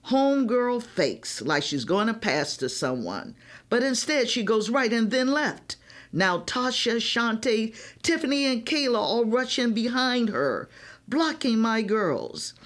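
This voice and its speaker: A woman reading a children's novel aloud, telling it in the first person with an expressive delivery. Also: a little high. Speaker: reader.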